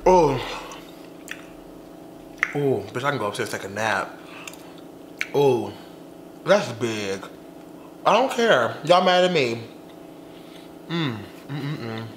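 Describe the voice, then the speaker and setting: A man's voice: mid-range voice, very animated, roomy sound, slight background noise. A young man vlogging a mukbang, sassy and chatty, talking while stuffed full after eating. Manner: sassy, chatty, drawn-out slangy talk. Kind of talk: casual mukbang vlog chat.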